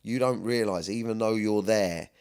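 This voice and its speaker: A man's voice: lowish voice, normal speed, a little mellow, smooth. A man hosting a podcast, talking earnestly and at length in a rambling, candid way. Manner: rambling, earnest, often asks "do you know what I mean". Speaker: podcast host. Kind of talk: candid personal chat.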